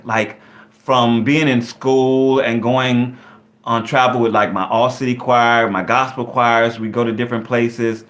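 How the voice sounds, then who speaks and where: A man hosts a relaxed live question session in a medium-pitched voice. He rambles freely, circling back with fillers and restarts. His tone stays easygoing and playful. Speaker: live stream host. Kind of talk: casual live chat.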